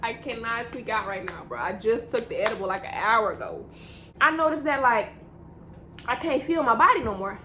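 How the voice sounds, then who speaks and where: A woman's voice: a little high, animated, normal speed, background noise. A young woman telling a rambling, slang-filled story in a casual storytime vlog, often repeating herself. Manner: rambling, repetitive slang-heavy storytelling with laughs.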